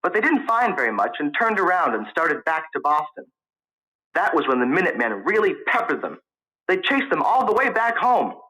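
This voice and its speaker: An eager young student caught between nerves and defiance, as a storyteller puts him on. He talks in a raised, lively voice that climbs when pressed, bright and sharp at the edges. A storybook figure who argues right back. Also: a little high, moderate pace, pitched above the performer's own voice, rough recording. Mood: heated. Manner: eager, defensive. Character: young man, college student, nervous and argumentative.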